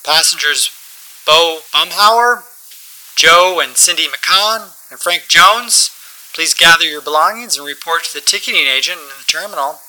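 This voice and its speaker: In this spoken story, a man plays a commanding airline captain giving an announcement. He speaks in a crisp, official way. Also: fairly high pitch, expressive, moderate pace, pushed and bright, voice pushed up, rough recording. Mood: announcing.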